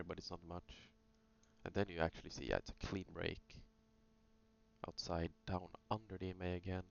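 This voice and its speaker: Very low gravelly man reviewing trades. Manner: thinking aloud, loose, with many fillers. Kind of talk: casual screen-recorded trading review. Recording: dull lo-fi sound with faint hum.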